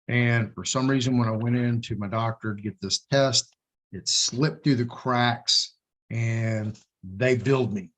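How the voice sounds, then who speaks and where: Husky Texan man telling a story. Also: medium pitch. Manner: animated storyteller, acts out quoted dialogue. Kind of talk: casual live-stream chat.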